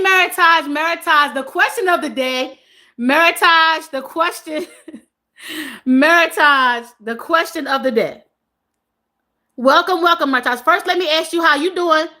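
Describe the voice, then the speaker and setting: Bright, high-voiced woman livestream host. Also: measured pace. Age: 40s. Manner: animated, laughs often, repeats viewers' names. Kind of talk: casual live chat reading comments.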